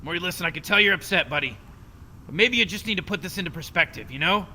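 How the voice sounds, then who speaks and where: A man's voice: high-pitched, animated, fast talker, pushed and bright, full character voice. A man voicing a cynical, scheming mad scientist grandfather in a video game, rambling in a dismissive, condescending way. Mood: placating. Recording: game audio with long reverb and faint noise.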